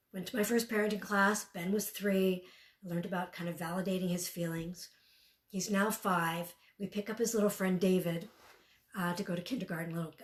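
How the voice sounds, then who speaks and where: Woman giving a parenting talk, lively storyteller, does little voices for kids, roomy echo. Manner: animated storytelling, acting out quoted kids and parents in a higher voice. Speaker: parenting speaker. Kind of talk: live parenting talk with anecdotes. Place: talk venue room.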